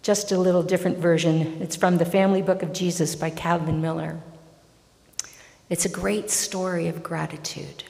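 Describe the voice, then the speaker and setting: A woman's voice: on the low side, moderate pace, gravelly. A woman preacher giving a sermon and reading scripture, telling stories expressively, in a large church. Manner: expressive storytelling. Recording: long church reverb.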